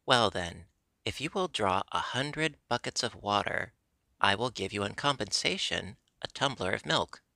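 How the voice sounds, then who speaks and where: A man's voice: fairly low pitch, lively intonation, moderate pace, gravelly, pushed and bright, no echo, clean studio sound, heavily acted. A man voicing a blunt, scoffing older gardener in a storybook reading. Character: gruff mocking older male gardener.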